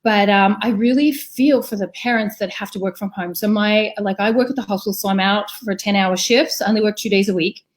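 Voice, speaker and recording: A woman's voice: mid-range voice, fairly quick, few pauses. A woman in her thirties, a nurse and mother, telling stories animatedly in a casual video-call chat. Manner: animated, storytelling with acted-out quotes. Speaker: guest, critical care nurse and mother.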